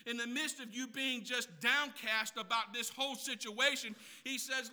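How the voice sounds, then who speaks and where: A man preaching a sermon with passion, swinging between loud shouted emphasis and quiet teaching, repeating phrases for effect. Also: very high-pitched, fairly even intonation, moderate pace, few pauses. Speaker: pastor.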